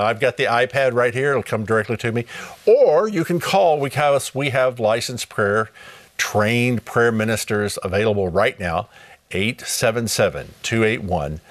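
A middle-aged man hosting a live Bible study broadcast, upbeat and welcoming, reading scripture aloud and repeating contact details slowly. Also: on the low side, fairly bright tone, dry recording.

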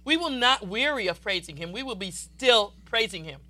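A woman preacher delivering a fervent, exuberant sermon that swells into loud declarations. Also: mid-range voice, expressive, normal speed.

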